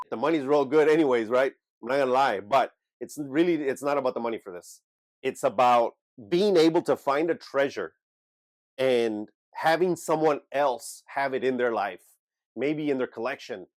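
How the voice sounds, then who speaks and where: A man's voice: mid-range voice, dry recording. A man hosting his own unscripted vlog about reselling, blunt and emphatic as he speaks straight to viewers. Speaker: eBay reseller and channel host. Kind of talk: unscripted talking-head vlog.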